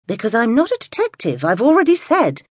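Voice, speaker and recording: A woman's voice: on the high side, wildly swooping pitch, a little fast, breathy edge, dry recording, pitched above the performer's own voice, exaggerated voice. A woman voicing a wry, reluctant middle-aged amateur sleuth, dry and firm, for an audiobook. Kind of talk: audiobook dialogue.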